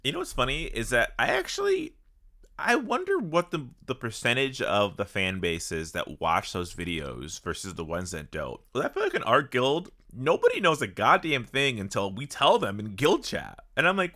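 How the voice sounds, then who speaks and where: A man co-hosting a casual gaming podcast, expressive and swearing casually. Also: medium pitch, normal speed. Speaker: podcast co-host.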